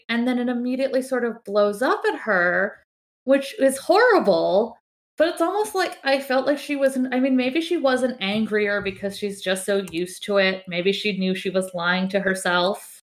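A woman's voice: a little high, moderate pace. A woman co-hosting a TV recap podcast, talking things through thoughtfully and hedging with "I mean.". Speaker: podcast co-host. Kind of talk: casual TV recap chat.

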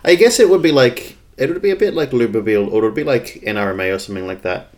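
A chatty Australian man co-hosting a podcast, wandering off on tangents and joking as he goes. His voice sits at an ordinary middle pitch, and he swears casually. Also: expressive, fast. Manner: rambling, jokey, swears casually. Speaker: podcast co-host.

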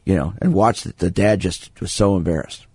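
A man's voice: sits low, a little fast, dark tone, breathy edge, no room sound. Man hosting a sports radio talk show. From Brooklyn. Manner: anecdotal, restarts sentences often. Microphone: studio microphone.

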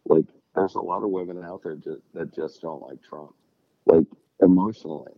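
A man's voice: deep voice, steady tone, normal speed, dry recording, dull audio. A middle-aged man chatting casually, rambling and swearing as he acts out quotes. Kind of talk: casual chat.

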